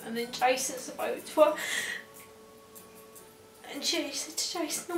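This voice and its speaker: A woman interviewed for a documentary, telling a family story in a lively way and acting out what others said. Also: high-pitched, slow pace. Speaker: interviewed relative. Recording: echoey room from a distance. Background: music.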